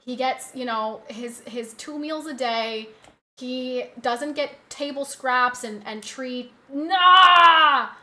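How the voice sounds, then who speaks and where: A woman's voice: fairly high pitch, takes it slowly, a bit bright. A woman streamer chatting casually on a live stream from her home setup, often cooing at her dog in a doting voice.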